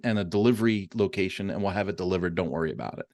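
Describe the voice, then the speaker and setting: Lively storytelling man, low and dry. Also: racing, hardly any pauses, no room sound. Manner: animated storyteller with many fillers. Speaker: podcast host. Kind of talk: casual interview chat.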